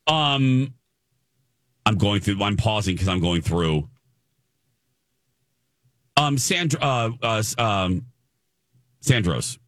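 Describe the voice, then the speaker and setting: A man's voice: animated, slow, pauses often, fairly bright tone, dry recording, clean studio sound. A man hosting a morning radio show, chatting casually and playfully with his co-hosts. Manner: playful, drops into silly low voices. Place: radio studio.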